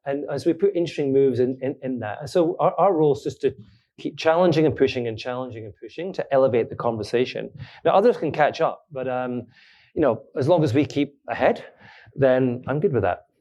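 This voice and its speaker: A man's voice: mid-range voice, brisk, warm tone, dull audio. A man, hosting a podcast and answering audience questions at a live event, chatty and self-deprecating, often laughing. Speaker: podcast host being interviewed.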